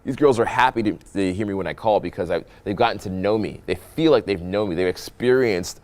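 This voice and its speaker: A young man from Canada, a dating coach, talking through pickup clips with a playful, animated voice that drops low for effect. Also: fairly quick. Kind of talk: voice-over breakdown of pickup clips.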